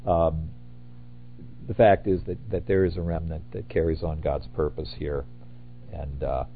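An older man preaching a sermon in a relaxed, rambling way, correcting himself and adding asides. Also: rumbling low, unhurried, slight background noise. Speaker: pastor. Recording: tinny phone-like audio.

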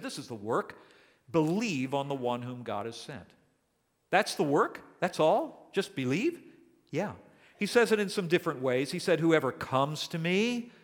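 An older male pastor delivers a sermon in an earnest, emphatic way, drawing out the words he wants to land. His voice sits a little high for a man. The sound carries a long reverb, as if from a large hall. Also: fairly bright tone. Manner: earnest, emphatic, slows down to stress key words.

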